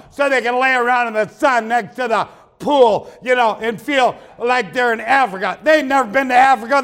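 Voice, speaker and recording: A man in his seventies from Ohio, preaching a revival sermon in a folksy way, dropping into quiet asides and saying amen often. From Ohio, USA. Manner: folksy, drops to low asides, frequent amens.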